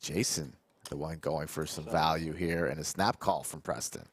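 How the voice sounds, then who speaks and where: Deep-voiced joking poker commentator, man. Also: moderate pace, slight background noise. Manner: jokey, banters with live chat. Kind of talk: live poker stream commentary. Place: commentary booth.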